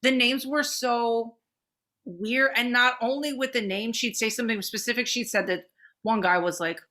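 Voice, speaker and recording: A woman co-hosting a podcast, telling stories in a loose, excited way, with plenty of swearing and "like" fillers. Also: fairly high pitch. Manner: swears freely, fast excited storytelling with many fillers. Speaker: podcast co-host. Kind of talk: casual chat.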